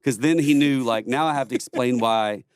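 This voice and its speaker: A man's voice: medium pitch, moderate pace, clean tone, dry recording, clean studio sound. A middle-aged man telling war stories as a podcast guest, rambling, swearing and laughing often. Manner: rambling, laughs a lot, profane. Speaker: podcast guest, former Marine. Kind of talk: casual storytelling chat.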